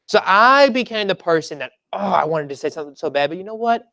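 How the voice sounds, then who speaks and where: Preacher at a church service, mid-pitched, talks through the sermon like a story and leans on repeated lines; dry, close recording. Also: animated, quick pace, gravelly, few pauses, sharp tone, dry recording. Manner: conversational storytelling, emphatic repeated phrases.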